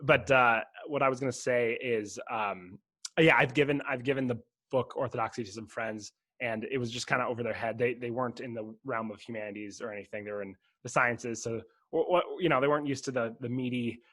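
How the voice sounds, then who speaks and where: Young guy hosting a podcast on a video call, mid-pitched, jokey and friendly. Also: fairly bright tone. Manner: friendly, joking, quick to laugh. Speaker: podcast host. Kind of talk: casual interview chat.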